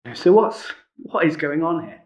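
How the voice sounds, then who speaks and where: A man's voice: on the high side, lively intonation, normal speed, darkish tone. A man preaching a sermon in a conversational way, often adding tag questions such as "isn't it?". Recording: muffled lo-fi recording.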